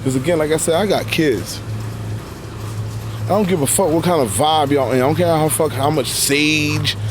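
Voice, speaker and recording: A man's voice: fairly high pitch, moderate pace, background noise. A man giving blunt, heavily profane, unscripted reaction commentary while live streaming about a video clip.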